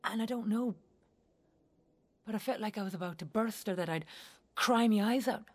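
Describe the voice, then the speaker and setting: An Irish actress as a wry, blunt young wife. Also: female voice, medium pitch, normal speed, darkish tone, natural voice. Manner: earthy, wry and blunt, swearing freely. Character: blunt, wry young Irish woman recalling her marriage. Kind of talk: theatrical monologue.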